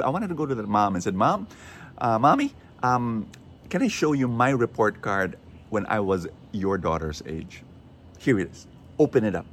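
A man with a Filipino accent hosting an inspirational radio show, telling stories in a lively, preaching way and quoting people in changing voices. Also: medium pitch, a little hiss or hum. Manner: animated storyteller, quotes others in shifting voices. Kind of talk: inspirational sermon talk.

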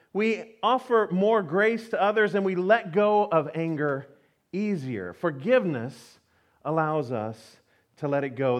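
Brief: male pastor, high-pitched, animated self-mocking storyteller, sermon delivery. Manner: animated storytelling, acts out his own voice in quotes; self-mocking, laughs often.

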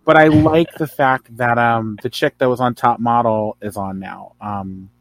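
A man's voice: medium pitch, measured pace, no room sound. A man from New Jersey chats as a podcast guest, tossing out strong opinions and winding asides. His voice sits in a middle register. The sound is dry and close, with no room around it. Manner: opinionated, animated, rambling asides. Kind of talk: casual chat.

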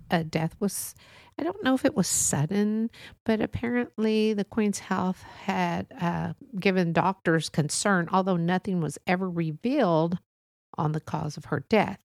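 A woman's voice: medium pitch, unhurried, creaky, darkish tone, no echo, studio quality. A woman hosting a solo podcast, talking casually in a rambling, musing way with many fillers and restarts. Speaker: podcast host.

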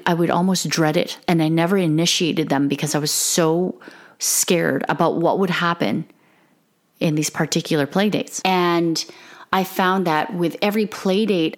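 A middle-aged woman giving an earnest, emotional, candid monologue to other mothers about her parenting. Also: lowish voice. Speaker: parenting podcaster. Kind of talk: confessional monologue.

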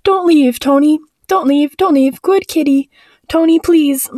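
A woman voicing a terrified young child crying out for their mother in a shrill, cracking, tearful voice. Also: a little slow, dark tone, no room sound, clean studio sound. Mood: sobbing pleas.

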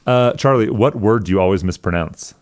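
Guy in his 20s with a really deep voice, chatty and rambling, says like a lot. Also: fairly quick, darkish tone. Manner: rambling, self-deprecating storyteller with many "like"s. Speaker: guest sharing stories. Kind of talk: casual chat.

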